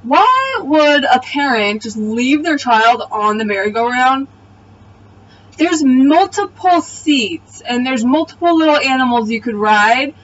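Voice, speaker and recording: A woman's voice: high-pitched, lively intonation, unhurried, fairly bright tone, recorded from a distance, highs cut off. A woman giving a casual, blunt and profane spoken recap of a TV episode. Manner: blunt, profane, exasperated retelling. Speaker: TV episode reviewer. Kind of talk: casual video review recap.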